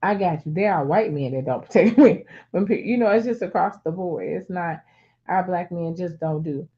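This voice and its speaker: A middle-aged woman in casual chat, telling a family story with lively acted-out voices. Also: fairly low pitch, fairly quick. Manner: animated storyteller acting out voices. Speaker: talk show co-host. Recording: dull lo-fi sound.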